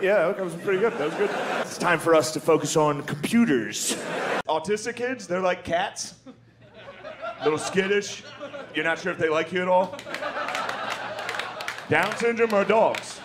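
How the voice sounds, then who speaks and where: A man's voice: a little high, fairly quick, a crowd in the background. Crude, conversational male stand-up comic. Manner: loose, crude, conversational, peppered with "dude". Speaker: stand-up comedian. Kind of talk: stand-up comedy set. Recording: live club with audience noise.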